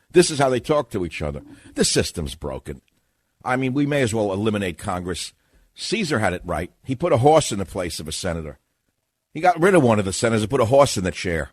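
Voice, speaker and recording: A man's voice: fairly low pitch, sing-song, quick pace, dry recording. Male talk radio host, sardonic rant, dry close studio mic. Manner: sardonic, ranting. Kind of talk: radio talk show monologue.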